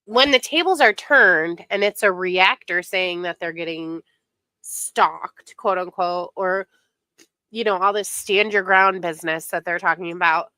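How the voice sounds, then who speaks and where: A woman's voice: fairly low pitch, unhurried, pushed and bright, dry recording. A woman streamer giving casual, indignant commentary on online drama, sarcastic and given to mocking imitations.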